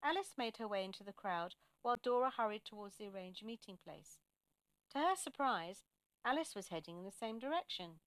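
A woman reading a story aloud in a gentle, measured narration. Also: mid-range voice, animated, smooth, no echo.

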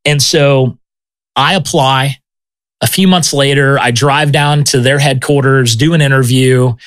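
A man telling his personal testimony as a missionary in a lively, conversational way, often tossing in "man" and "okay?". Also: mid-range voice, a little slow. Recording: music playing underneath.

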